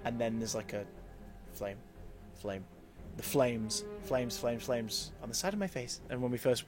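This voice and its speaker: Over music, a man streams a game and chats casually in a medium-pitched, slightly slow voice. He tells rambling stories with restarts and reads the chat aloud.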